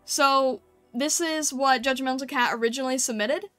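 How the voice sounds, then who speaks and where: A woman's voice: sits high, normal speed, fairly bright tone, no room sound, faint music behind. A woman streamer chatting casually with her chat and thinking aloud while she paints over and critiques thumbnails.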